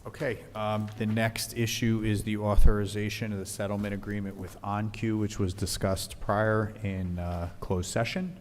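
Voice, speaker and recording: A man's voice: on the low side, flat delivery, moderate pace, hardly any pauses. A man presenting agenda items at a village council work session in a matter-of-fact way, with frequent fillers. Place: council meeting hall. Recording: reverberant hall with faint noise.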